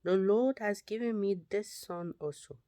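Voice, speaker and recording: A woman's voice: mid-range voice, a little slow, dark tone, dry recording, lightly acted. A woman reading the lines of an unloved wife who hopes for her husband's love, in a plain, earnest voice.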